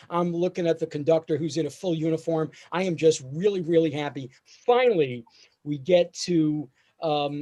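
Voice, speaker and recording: A man doing a storytelling stand-up set over a video call, acting out his father's lines. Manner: animated, acts out his father's lines in a higher voice. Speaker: stand-up comedian.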